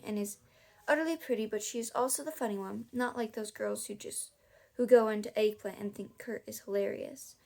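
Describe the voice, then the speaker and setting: A woman's voice: fairly high pitch, creaky, a little mellow. A woman reading a children's book aloud in a casual way, now and then stopping to chuckle and comment. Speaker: audiobook reader. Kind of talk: amateur audiobook reading.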